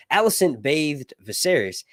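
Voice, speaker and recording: A man hosting a live show, chatting casually through a reaction and analysis, rambling and excitable, swearing freely and laughing often. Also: on the high side, slow pace, no echo, studio quality. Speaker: livestream show host.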